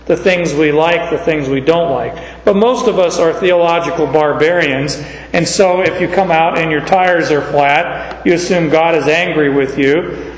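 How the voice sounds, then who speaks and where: A man's voice: a little high, measured pace, few pauses, dull audio. Man preaching a sermon in an echoey hall. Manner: conversational storytelling with fillers. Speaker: pastor.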